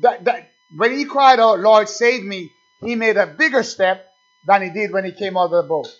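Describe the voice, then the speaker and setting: High-pitched preacher guy, repeats himself a lot, says amen, kinda dull lo-fi sound. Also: fairly quick, a bit bright. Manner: repetitive, emphatic preaching with call-outs of "amen". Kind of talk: sermon.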